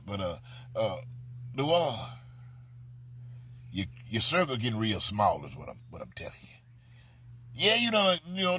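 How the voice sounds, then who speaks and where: A middle-aged man rants in a mocking, profane comedy monologue, repeating himself as he presses his point. His voice is bright and forceful with a husky edge. The sound is dry and close. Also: medium pitch, no room sound. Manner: brash, mocking, heavy on repetition and cursing. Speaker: comedic storyteller. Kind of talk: profane comedic monologue addressed to an absent person.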